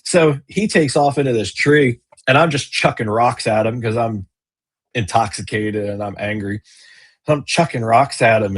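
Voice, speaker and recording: Speaking over a video call, a business owner who's also a kayak angler talks casually in an interview. His voice sits at medium pitch with slight roughness, and his talk wanders, full of fillers and restarts.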